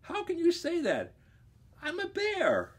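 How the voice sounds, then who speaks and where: A man voicing a bewildered male bear in a read-aloud story, earnest and pleading, with a husky voice. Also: very high voice, wildly swooping pitch, slow, voice pushed up, full character voice.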